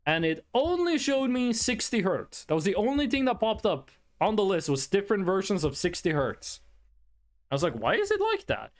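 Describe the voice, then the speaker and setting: A man's voice: high voice, moderate pace. A young man from Norway, chatting casually on a livestream and rambling through anecdotes. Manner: rambling storyteller, chatty and animated. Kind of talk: casual chat with chat.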